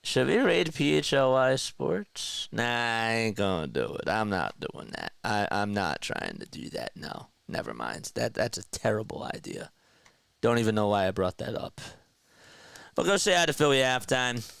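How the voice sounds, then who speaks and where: A young man runs a fan play-by-play stream, moving between calling pitches and chatting with his viewers. His voice is smooth and resonant. It sounds dry and close, with no room around it. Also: big pitch swings, moderate pace, a bit bright, no room sound. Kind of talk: casual live play-by-play commentary.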